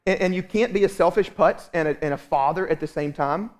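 Animated high-voiced man preaching. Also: fairly quick. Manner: animated storytelling, acts out his own exasperation. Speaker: pastor. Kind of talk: sermon.

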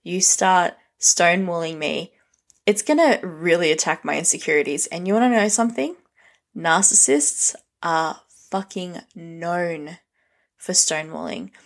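A woman's voice: lowish voice, lively intonation, measured pace. A young woman vlogging, giving a blunt, frank rant full of swearing. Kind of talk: casual rant to camera.

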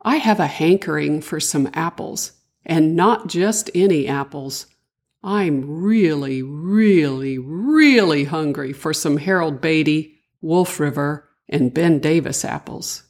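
A woman's voice: sits low, slow, a little mellow, exaggerated voice. Benny, a cheerful black bear, as a grandmother puts him on. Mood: eager. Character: friendly young male black bear.

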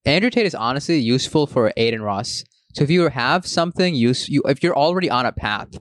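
Fast, blunt young man on a podcast. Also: medium pitch, animated, dry recording. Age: young adult. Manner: blunt, profane, fast-talking. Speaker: podcast co-host. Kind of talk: casual chat.

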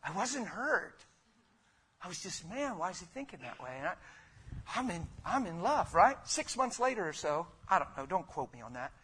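A man preaching an impassioned sermon in church. He swings from loud exhortation to near whispers and piles up repeated phrases. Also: sits high, sing-song, brisk, a little hiss or hum. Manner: repetitive rhetorical build-ups.

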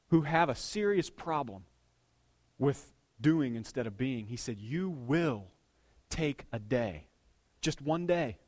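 A man preaching a sermon as a pastor, swinging between hushed, intimate lines and loud, excited bursts. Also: a little high.

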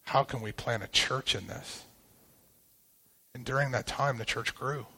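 Halting man telling a painful story. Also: medium pitch, fairly even intonation, sharp tone, slightly rough. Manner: halting, emotional storytelling with many restarts. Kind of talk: personal testimony in a sermon.

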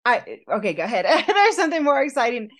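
A woman co-hosting a podcast, telling a personal story in an animated, chatty way with frequent laughter. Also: fairly high pitch, fast. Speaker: podcast co-host telling her proposal story. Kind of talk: casual storytelling chat.

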